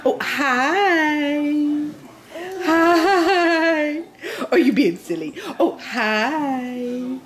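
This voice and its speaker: A woman's voice: sits high, expressive, extremely slow. Woman cooing sing-song baby talk. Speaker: mother filming her children. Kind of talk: home video, talking to small children. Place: family home at snack time.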